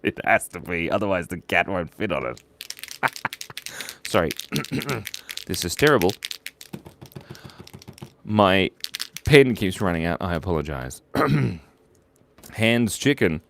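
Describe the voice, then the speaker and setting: Deep, playful man hosting a drawing stream. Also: sing-song, measured pace, pauses often, background noise. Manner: playful, jokey, reads viewer names and shout-outs aloud. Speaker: live-stream drawing host. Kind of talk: casual live-stream chat while drawing.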